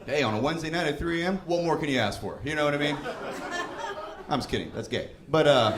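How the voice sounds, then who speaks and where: A young man doing a stand-up comedy set, casual and profane, laughing through his bits. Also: mid-range voice. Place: live comedy venue. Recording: roomy live venue with noise.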